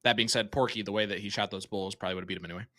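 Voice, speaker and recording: Bright-voiced joking darts commentator, male. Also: on the low side, fairly even intonation, very fast. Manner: jokey, teasing banter. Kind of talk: live sports commentary.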